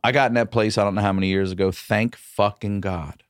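A man, a comedian guest on a podcast, telling a story in a casual, profane, animated way. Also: lowish voice, a little fast, dry recording, clean studio sound.

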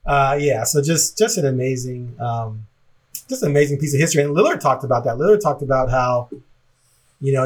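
A man chatting on a sports podcast, rambling and reflective, often breaking into a laugh. His voice sits at an ordinary middle pitch for a man. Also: husky. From Portland, Oregon area. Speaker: podcast co-host. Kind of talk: casual podcast chat.

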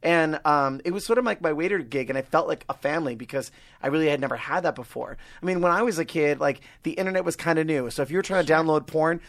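A man's voice: on the high side, fast. A man in his forties from Long Island, telling stories as a guest in a casual chat and laughing easily. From Long Island, New York. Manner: animated storyteller, laughs easily.

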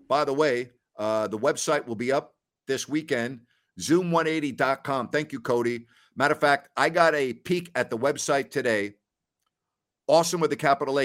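A man in his sixties hosting a sports talk show in a folksy, exclamatory, rambling way. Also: mid-range voice. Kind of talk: casual chat.

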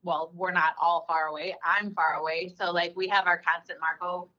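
A woman in her thirties co-hosting a casual chat. She talks in a relaxed, thoughtful way and often trails off with "like.". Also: on the low side, normal speed, muffled recording. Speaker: podcast co-host.

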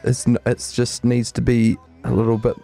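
A man's voice: mid-range voice, monotone, moderate pace, gravelly, dark tone, soft background music. A man co-hosting a podcast in a studio, wisecracking and swearing casually. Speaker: podcast co-host. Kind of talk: casual chat.

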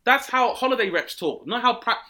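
A man tells comic stories with lots of swearing. His bright, tense voice leaps around as he slips into other characters. The delivery is loud and animated. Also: fairly quick. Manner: acts out characters with big pitch jumps and swearing. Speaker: comedian guest.

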